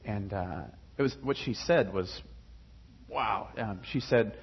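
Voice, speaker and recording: Young adult man, husky, lowish voice, loose rambling testimony with fillers, dull lo-fi recording. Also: slow pace. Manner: rambling, many fillers and restarts. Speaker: guest telling his faith story. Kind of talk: casual personal testimony.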